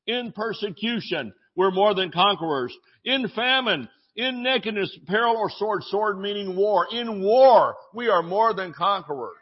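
Animated man preaching a sermon. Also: sits high, unhurried, hardly any pauses, slightly rough. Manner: preaching with scripture, jokes and sudden shouts. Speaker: pastor. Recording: dull lo-fi audio.

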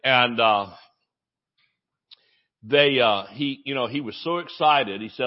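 An older male pastor from Georgia telling a folksy story in a sermon, with plenty of fillers and restarts. His pitch sits in a middling range, and the recording is slightly dull. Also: measured pace, long pauses. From Georgia, USA. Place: church service.

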